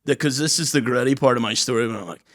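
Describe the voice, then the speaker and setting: A man's voice: mid-range voice, fast talker, fairly bright tone. A young man, telling stories on a podcast with lots of swearing and acted-out quotes. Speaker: podcast co-host. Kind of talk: casual chat.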